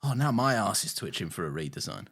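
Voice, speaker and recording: Very animated, giggly male podcast co-host. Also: fairly low pitch, fast talker, husky. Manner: excitable, giggly and sweary. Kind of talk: casual chat.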